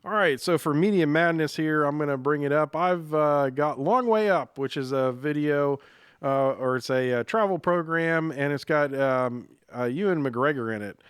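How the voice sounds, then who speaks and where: A man hosting a podcast in casual chat, relaxed and rambling with many fillers. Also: fairly high pitch, moderate pace, clear, resonant tone, dry recording, clean studio sound. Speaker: podcast host.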